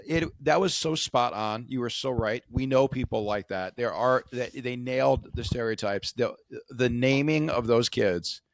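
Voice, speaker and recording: A man co-hosting a podcast in casual chat, enthusiastic, with halting restarts. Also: medium pitch, dry recording. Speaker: podcast co-host.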